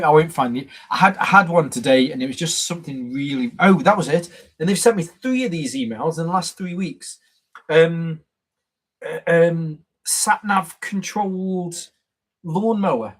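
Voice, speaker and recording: Husky chatty man on a live stream. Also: on the high side, low-quality recording. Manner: rambling and chatty, with many fillers and self-corrections. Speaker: YouTube channel host on a live stream. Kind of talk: casual live-stream chat.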